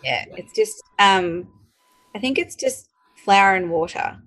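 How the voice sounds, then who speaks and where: A woman, a podcast guest, telling family stories in a relaxed chatty way with many fillers. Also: mid-range voice, takes it slowly. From Australia. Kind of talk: casual chat.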